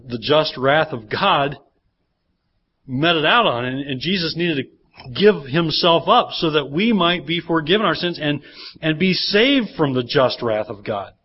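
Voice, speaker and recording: A man's voice: mid-range voice, slightly rough. A male pastor preaching a sermon, often putting rhetorical questions to the congregation. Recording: dull lo-fi church sermon recording.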